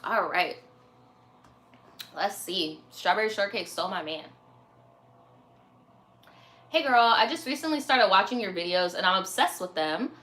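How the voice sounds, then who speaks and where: A woman's voice: mid-range voice, lively intonation, measured pace, long pauses, pushed and bright. A young woman hosting a live stream, reading viewer stories in a chatty, slangy way, laughing and swearing often. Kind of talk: casual chat.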